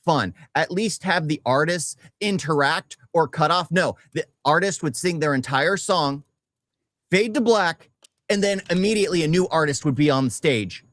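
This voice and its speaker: A man's voice: on the high side, animated, fairly bright tone, dry recording. Man in casual chat, dry close sound. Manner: halting, many restarts and fillers. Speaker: podcast co-host.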